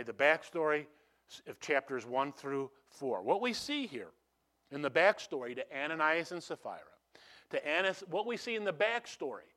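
A man preaching a sermon, telling stories with animated swings from hushed to loud and frequent restarts. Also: on the high side. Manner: repeats and restarts phrases. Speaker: pastor.

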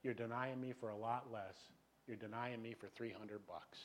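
A man quoting God as a calm, stern male voice rebuking him, a little softer and lower than his own talk. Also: moderate pace, lightly acted.

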